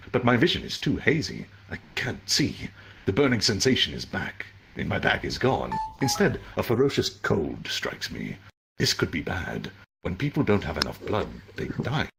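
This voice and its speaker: A man reading a story aloud as its narrator, expressive with dry asides. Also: low-pitched, gravelly, background noise. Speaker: story reader.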